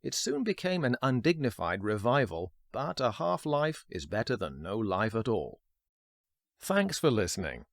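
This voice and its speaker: A man hosting a film history podcast, reading scripted narration in a measured, wry manner. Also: lowish voice, sing-song, gravelly, no echo, clean studio sound.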